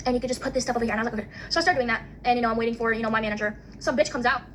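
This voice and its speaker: A young woman with a highish voice races through a story, swearing freely and filling her talk with "like". She acts out every exchange as she tells it. Faint ambient noise hangs behind her. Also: steady tone, fairly bright tone. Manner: profane, fast, full of "like", acts out quotes. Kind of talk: casual storytelling rant.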